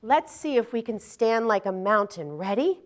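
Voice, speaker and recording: High, lively woman leading kids' yoga. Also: normal speed. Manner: playful and encouraging, sings and counts for the kids. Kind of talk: leading a children's yoga class on a TV show.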